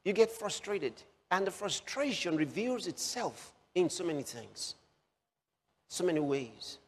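A man preaching a sermon, slowly repeating key phrases for emphasis. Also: high-pitched, sing-song, breathy edge. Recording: long hall reverb.

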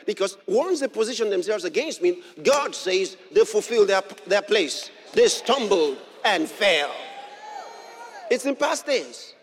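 Emphatic high-voiced male preacher in a reverberant hall. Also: very animated, unhurried, slightly rough. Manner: emphatic, repeats phrases, rises to shouts. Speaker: pastor. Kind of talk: sermon.

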